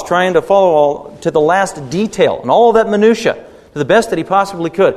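A man's voice: sits high, darkish tone. Preaching man with a long hall echo. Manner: emphatic preaching with rising, swelling stresses. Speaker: pastor. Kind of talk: sermon.

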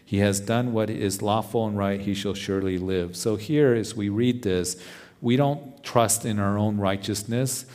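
A man's voice: lowish voice, fairly even intonation, measured pace, a little mellow, long reverb tail. A male pastor preaching verse by verse, earnest and repeating words when he presses a point. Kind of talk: verse-by-verse sermon.

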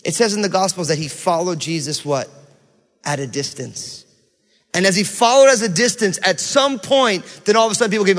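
A man's voice: sits high, lively intonation, brisk, fairly bright tone. A male pastor giving a conversational sermon, acting out the inner voices people hear. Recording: long reverb of a large hall.

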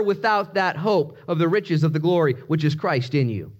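A man preaching a sermon, telling personal stories and acting out quotes, with sudden swings between loud bursts and hushed asides. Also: a little high, expressive, normal speed. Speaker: pastor.

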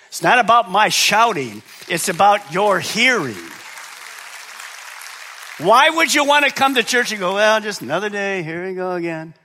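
A middle-aged man preaching a sermon as pastor, moving between quiet low asides and loud, high preaching, and asking the congregation questions he then answers himself. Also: sing-song, normal speed, some chatter behind, slight background noise.

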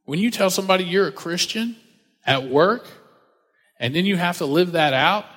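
A man preaching in a relaxed, conversational sermon, his voice sitting a little high for a man. He acts out the voices in the stories as he goes. The sound carries a long reverb, like a large hall. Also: normal speed. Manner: animated storytelling, acts out quoted voices. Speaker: pastor. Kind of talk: casual sermon.

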